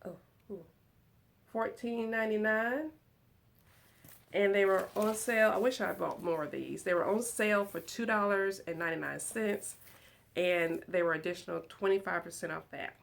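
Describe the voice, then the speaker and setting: A woman vlogging from her lounge room at home, chatting excitedly and giggling as she talks to her viewers. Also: mid-range voice, moderate pace, gravelly. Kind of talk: casual chat to viewers.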